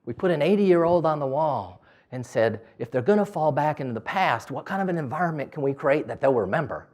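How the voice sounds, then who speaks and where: Speaking a little fast in a fairly high voice, a business owner delivers a storytelling speech. He's animated and performs the quoted dialogue in various voices.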